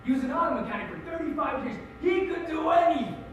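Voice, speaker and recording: A man's voice: extremely high pitch, fast talker, a little hiss or hum. A teen boy playing a grieving Irish-American son. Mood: wry. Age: teens. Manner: animated storytelling, wry and emotional. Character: middle-aged Irish-American man, grieving macho son. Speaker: high school forensics performer. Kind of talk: competitive dramatic monologue. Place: school auditorium stage. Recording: echoey hall, distant mic.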